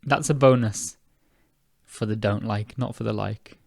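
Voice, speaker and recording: Unhurried and creaky, this lowish male voice belongs to a young British podcast host and English teacher from the United Kingdom running an English-learning show. He sounds tired and talks in a casual, chatty way, self-correcting and laughing at himself. The audio is clean studio sound with no echo.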